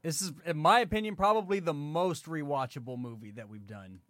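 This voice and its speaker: A man as a podcast guest, relaxed and a little hesitant while reviewing a movie. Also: on the high side, fairly quick, no room sound, clean studio sound.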